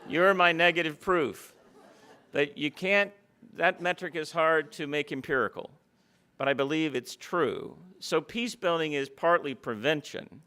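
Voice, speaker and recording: A man's voice: on the high side, unhurried, pushed and bright. A man giving a public lecture, mixing stories into his talk. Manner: anecdotal, storytelling.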